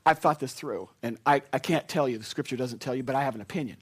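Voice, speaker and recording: Male pastor at a funeral, mid-range voice, animated storytelling that swells into excitement. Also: mid-range voice, fast talker, hardly any pauses, slightly rough. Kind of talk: funeral sermon.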